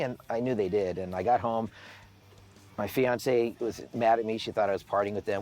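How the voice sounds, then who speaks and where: A man's voice: on the low side, steady tone, brisk, a little mellow. A man who runs a record label tells stories in a documentary interview. He swears freely and acts out the voices of the people he quotes.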